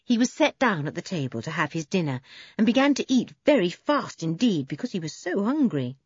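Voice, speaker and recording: A woman reads a children's adventure story aloud with a lively, animated lilt. Her voice is a little husky and the recording sounds dull and dry, as if made close to the mic in a small space. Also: lowish voice, fairly quick, no room sound. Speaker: audiobook narrator.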